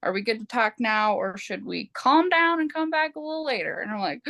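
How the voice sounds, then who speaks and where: A woman podcast host chatting casually, animated and expressive, quoting herself with big jumps in pitch. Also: fairly quick, no echo. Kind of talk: casual conversational chat.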